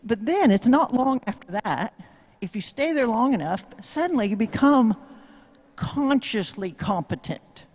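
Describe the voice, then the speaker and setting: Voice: medium pitch, animated, unhurried, a little mellow. A horsemanship instructor with a Tennessee accent gives a live demo talk. The delivery is folksy and joking, full of questions thrown out to the crowd. The voice rings with the long reverb of a large venue.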